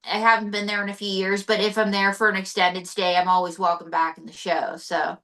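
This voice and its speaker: Playful woman comedian, bright voice, chatty interview manner. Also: medium pitch, level tone, a little fast. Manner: chatty, filler-heavy, playful. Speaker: comedian and guest. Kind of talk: comedy sketch and interview chat.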